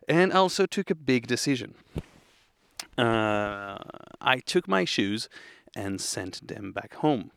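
A man's voice: mid-range voice, dry recording, studio quality. A young French man with a French accent, telling a rambling, self-mocking story for a casual hiking vlog from inside a small tent. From France. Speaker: vlogger hiking a long-distance trail.

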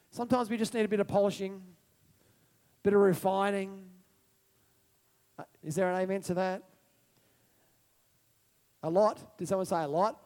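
Very high-pitched man preaching. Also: fairly even intonation, normal speed, pauses often. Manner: passionate, swings between loud proclamation and soft musing; calls out to the congregation for responses. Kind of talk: sermon.

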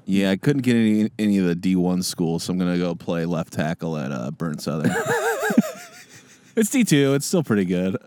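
A man's voice: low-pitched, very animated, normal speed, darkish tone. A man co-hosting a comedy podcast in casual chat, riffing and laughing a lot. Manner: giggly, riffing, lots of laughter. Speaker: podcast co-host.

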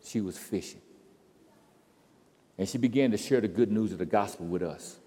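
A man preaching a sermon, swinging from quiet storytelling to loud, impassioned crescendos. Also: lowish voice, moderate pace. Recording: reverberant hall.

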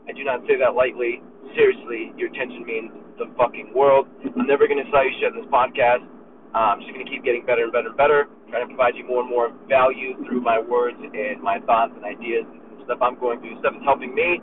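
A man's voice: mid-range voice, steady tone, quick pace. A man hosting a podcast, talking in a casual, profane and fired-up motivational monologue while driving. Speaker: podcast host. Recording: tinny phone-like recording with faint road noise.

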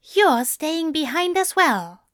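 A woman voicing a calm, firm male angel who speaks in a pointed, measured way. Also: very high-pitched, no echo, studio quality, voice pushed up, heavily acted.

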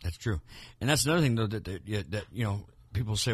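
Low-voiced man, rambling podcast talk. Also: expressive, quick pace, husky, no echo. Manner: rambling, many restarts and repeated words. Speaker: podcast co-host. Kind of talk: casual political chat.

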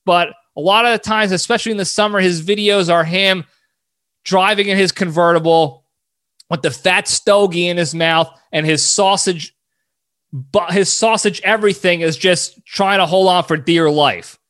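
A man hosting a solo podcast who rambles in an animated way, often cutting himself off mid-thought. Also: high-pitched, moderate pace. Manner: rambling, animated, self-interrupting. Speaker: podcast host.

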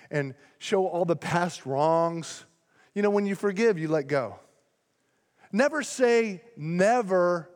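High-voiced man preaching with fire. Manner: passionate, gets loud and fired up when preaching. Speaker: pastor. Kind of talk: sermon. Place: church sanctuary. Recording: long reverb of a large church hall.

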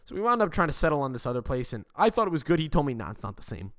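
A man's voice: on the high side, lively intonation, rapid-fire, smooth. A man, hosting a podcast and telling a rambling, profane story in casual chat. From Montreal, Canada. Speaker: podcast host.

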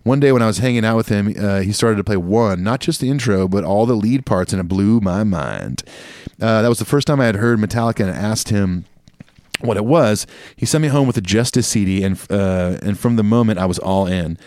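A man's voice: on the low side, a little fast, darkish tone, dry recording, studio quality. A man co-hosting a podcast, reading listener emails aloud with joking asides. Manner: reads emails aloud with joking asides and a put-on Australian accent. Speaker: podcast co-host.

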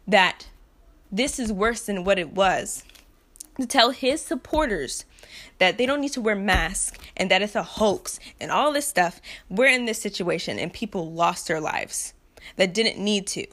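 A young vlogger from the United States vents to camera in an impassioned, frustrated rant, repeating herself bluntly and laughing nervously between points. She has a medium-pitched, slightly bright voice.

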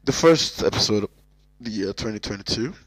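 Fairly quick and animated, this Irish podcast host from Cork speaks at a fairly low pitch through a dry, rough recording. His solo intro is loose and jokey, with frequent swearing and sentences that trail off and restart.

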